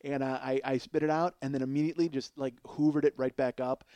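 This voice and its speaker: A man's voice: medium pitch, quick pace, no echo. Profane storytelling man, dry close mic. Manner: animated, profane, self-mocking. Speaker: podcast host. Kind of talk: casual storytelling.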